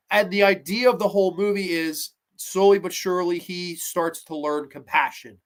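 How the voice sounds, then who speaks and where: A man hosting a podcast, chatting casually about a film in a rambling, excitable way and swearing often. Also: sits high, brisk, few pauses. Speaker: podcast host. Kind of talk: casual movie review chat.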